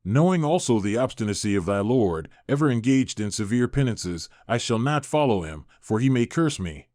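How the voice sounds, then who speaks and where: A man's voice: mid-range voice, sing-song, normal speed, darkish tone, no echo, studio quality, natural voice. A man voicing an anxious serpent king who pleads formally with his sister in an audiobook.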